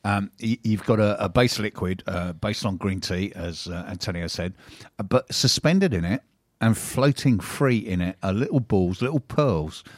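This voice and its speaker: A man's voice: fairly low pitch, normal speed, hardly any pauses, no room sound, studio quality. A man hosting a casual interview, jokey and stumbling over his words. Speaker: host.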